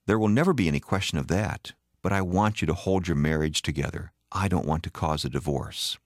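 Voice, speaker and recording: A man voicing the other woman in an affair, soft and affectionate. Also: low voice, brisk, dry recording, studio quality. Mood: tender. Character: tender, gentle other woman.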